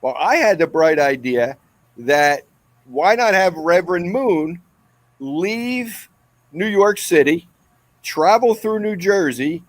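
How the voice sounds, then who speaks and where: A man, the guest, telling a comic story in an animated, excitable way. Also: high voice, slow pace, no room sound. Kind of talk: comedic storytelling.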